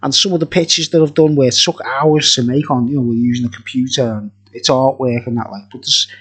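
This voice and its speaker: A man's voice: mid-range voice, fairly even intonation, a little fast, a bit bright, husky. A middle-aged man reviewing beer in a tipsy, jokey, rambling vlog chat, laughing often.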